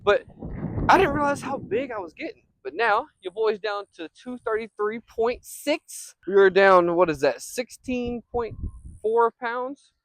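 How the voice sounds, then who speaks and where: A man's voice: very high-pitched, sing-song, unhurried, a bit bright, dry recording, rough recording. A young man talking casually in a rambling vlog monologue outdoors, breaking off now and then to call his dog. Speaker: vlogger and software company owner. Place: outdoors in a field.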